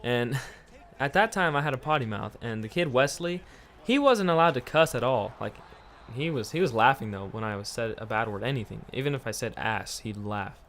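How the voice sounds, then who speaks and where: A man's voice: medium pitch, animated, normal speed, a bit bright, a little hiss or hum. A man telling a childhood story for his vlog, laughing often and swearing freely. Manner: profane, laughing, rambling storytelling. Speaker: vlogger.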